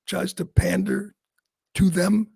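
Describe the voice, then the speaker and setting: A man's voice: high-pitched, level tone, gravelly, a little mellow, slightly rough, no room sound, clean studio sound. A man hosting a talk show, delivering sarcastic, mocking political commentary. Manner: sarcastic, mocking, quick asides with laughs. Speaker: talk radio host.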